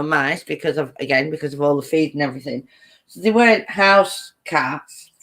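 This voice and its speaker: Giggly chatty woman with a low voice. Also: a bit bright. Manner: chatty, giggly, reads out viewer comments. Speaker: host of a live chat stream. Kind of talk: casual live-stream chat.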